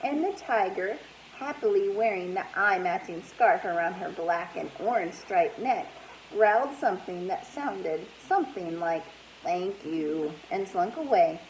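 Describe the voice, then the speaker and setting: Animated woman reading a storybook aloud. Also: mid-range voice, measured pace, slight background noise, low-quality recording. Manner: animated, asks listeners questions.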